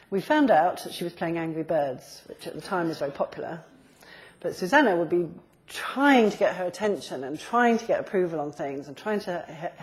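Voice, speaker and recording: Lively woman giving a business talk. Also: fairly low pitch. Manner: lively, acts out example dialogues, laughs often. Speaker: business communication speaker. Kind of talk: live talk to an audience.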